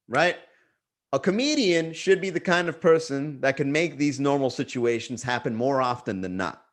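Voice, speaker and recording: A man's voice: fairly high pitch, fairly bright tone. A young man hosting a comedy livestream, riffing casually to the chat, swearing and laughing at his own jokes. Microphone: webcam livestream.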